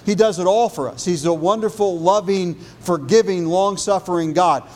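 A man preaching a sermon as pastor, building on repeated phrases and dropping low and soft for emphasis. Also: normal speed.

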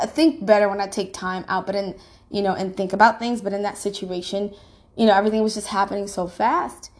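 A woman telling a painful personal story in a halting, emotionally raw way, often restarting her sentences and swinging from quiet to sharp outbursts. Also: mid-range voice.

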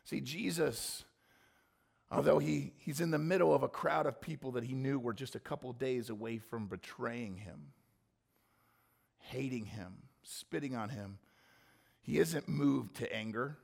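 A man preaching a sermon, swinging from quiet reflection to impassioned, near-shouted emphasis. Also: medium pitch, measured pace, vocal fry. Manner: impassioned, rising to near-shouting when voicing scripture. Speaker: pastor.

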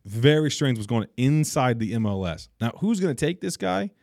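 A man's voice: medium pitch, big pitch swings, brisk, creaky, darkish tone, no echo, studio quality. A young man co-hosting a casual sports podcast, blunt and opinionated, trash-talking teams. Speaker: podcast co-host.

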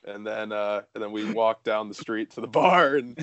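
A man's voice: fairly low pitch, fairly bright tone, dry recording. A young man telling a story casually, rambling with lots of fillers and swearing.

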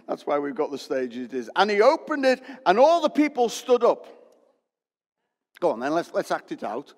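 A man, preaching a lively, joking sermon in a church. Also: fairly high pitch. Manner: lively, joking, loud bursts. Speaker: pastor. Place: church hall. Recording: long hall reverb.

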